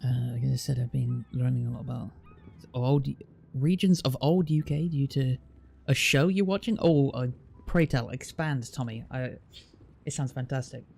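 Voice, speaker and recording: A man's voice: mid-range voice, normal speed, creaky, a little mellow, husky. A man from Bristol with a rhotic West Country accent, chatting casually and curiously on a livestream, rambling with restarts and fillers. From Bristol, England. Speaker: streamer chatting with a guest.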